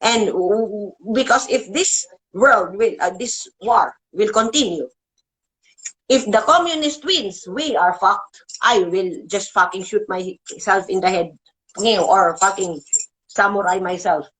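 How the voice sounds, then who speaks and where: A woman's voice: a bit bright, poor audio. Agitated woman ranting and swearing. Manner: agitated, swearing, emotional with pitch swings; halting with frequent restarts. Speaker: show host. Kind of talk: ranting political monologue.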